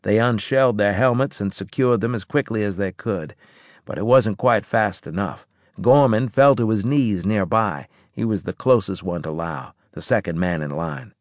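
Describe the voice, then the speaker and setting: A man reading a first-person science fiction audiobook in a gruff, clipped way. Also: fairly low pitch, moderate pace, no echo, clean studio sound. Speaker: audiobook narrator.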